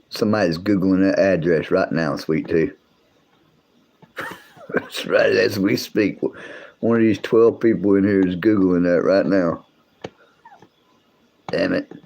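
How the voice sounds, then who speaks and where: A man's voice: deep voice, vocal fry, darkish tone. A man hosting a livestream, chatting casually with viewers in a rambling, drawling way. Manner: rambling, drawling, restarts sentences often. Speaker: livestream host. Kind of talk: casual chat with live chat viewers.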